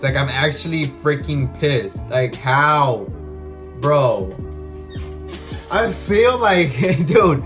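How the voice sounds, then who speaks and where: A man's voice: fairly high pitch, animated, slow, a bit bright, soft background music. A young man giving casual gameplay commentary as a video game channel host, talking in a slangy way and venting his frustration. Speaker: gaming YouTuber.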